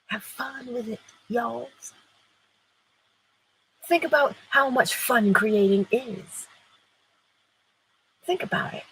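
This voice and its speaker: A woman's voice: fairly high pitch, takes it slowly, pauses often, fairly bright tone, husky, rough recording. A woman hosting an inspirational morning livestream, playful and emphatic, laughing often and answering viewers in the chat. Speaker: livestream host.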